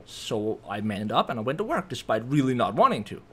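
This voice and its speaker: A man's voice: mid-range voice, big pitch swings, fairly quick, bright, forceful tone, husky. A man hosting a casual storytime vlog, rambling through a story with restarts and frequent tag questions. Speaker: YouTube host.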